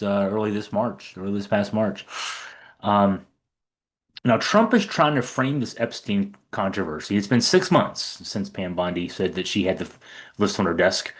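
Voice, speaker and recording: A middle-aged man giving casual political commentary, chatty and sarcastic, with many fillers. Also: fairly low pitch.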